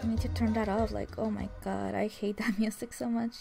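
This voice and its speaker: A woman's voice: mid-range voice, flat delivery, brisk, vocal fry, over music. Chatty young woman commentating a game. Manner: chatty, exasperated, filler-heavy. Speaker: let's play gamer. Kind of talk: casual gameplay commentary.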